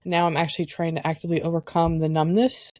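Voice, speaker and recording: A woman co-hosting a podcast, talking candidly and reflectively, pausing often to search for words. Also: deep voice, flat delivery, a little mellow, no echo. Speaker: podcast co-host. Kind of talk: candid personal conversation.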